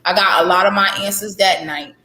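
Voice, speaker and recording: A woman's voice: medium pitch, steady tone, fairly quick, pushed and bright. A woman in her thirties, an author guest, speaking candidly and heartfelt about faith and healing, repeating phrases for emphasis. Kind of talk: candid interview conversation. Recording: echoey room.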